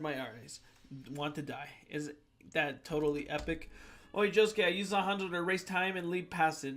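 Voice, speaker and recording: A man reading submitted fan jokes out loud in a playful comedic voice, with sudden loud swings. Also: a little high.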